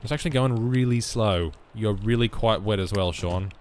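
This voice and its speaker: A young man giving casual let's play commentary, muttering through menu choices with sudden loud bursts of excitement. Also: fairly low pitch, normal speed. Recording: noisy background with game rain.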